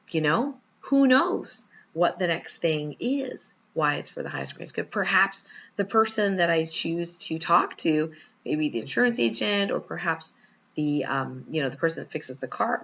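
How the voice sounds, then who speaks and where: A woman giving a spiritual teaching talk with personal stories, told in an animated, storytelling manner. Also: lowish voice, a little slow, gravelly, slightly rough, lo-fi sound. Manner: warm, animated storytelling with laughs.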